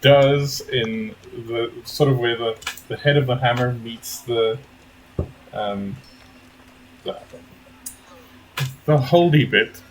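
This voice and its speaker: A man's voice: medium pitch, slow pace, long pauses, a little hiss or hum, poor audio. A man running a tabletop game as game master, rambling and hunting for words with playful made-up terms.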